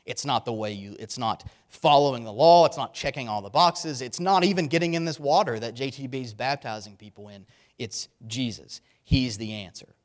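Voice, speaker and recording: A man's voice: mid-range voice, moderate pace. A man preaching a sermon, earnest and emphatic, often repeating key words for weight.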